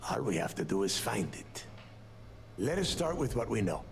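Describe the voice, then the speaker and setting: A man's voice: on the low side, sing-song, moderate pace, a little hiss or hum. A man voicing a commanding, impatient male pirate boss in a video game, giving curt orders. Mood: scheming. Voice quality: gravelly. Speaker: game character.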